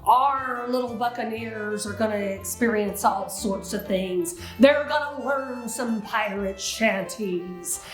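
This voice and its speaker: A woman in a library hams it up with pirate slang and snatches of a sea shanty. Her voice sits a little high and unhurried. The room rings with echo, with faint music behind. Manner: pirate lingo and sung shanty bits. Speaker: library story time host. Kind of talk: playful pirate-themed promo talk.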